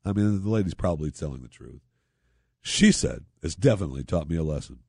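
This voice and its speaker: A man's voice: very deep voice, animated, fast talker, gravelly, darkish tone, slightly rough, no room sound, clean studio sound. A man hosting a talk radio show, reading news stories and mocking them with sarcastic asides. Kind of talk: opinion talk radio monologue.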